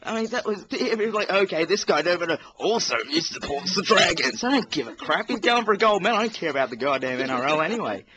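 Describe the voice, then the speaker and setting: A man's voice: high-pitched, very animated, quick pace, few pauses, bright, forceful tone. An Australian man co-hosting a casual sports podcast, ranting in an exasperated, rambling way. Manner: ranting, exasperated, talks over others. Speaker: podcast co-host. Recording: faint background noise.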